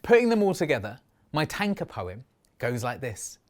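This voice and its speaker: A middle-aged man giving a lively poetry lesson for children, expressive and slowing down to sound out syllables. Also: medium pitch.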